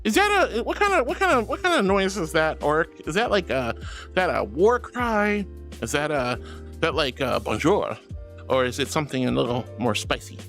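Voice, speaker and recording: With faint music playing behind him, a man on a casual stream reads out viewers' messages and responds effusively, calling them sweetie and honey, gasping and laughing in excitement. His voice is fairly high-pitched, at a moderate pace.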